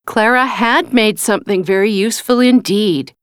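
A woman reading a story aloud in a slow, careful, clear way. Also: mid-range voice, no echo, clean studio sound. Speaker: reader.

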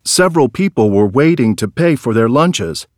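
A man narrating a storybook tale in a slow, expressive reading. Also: mid-range voice, dry recording, clean studio sound.

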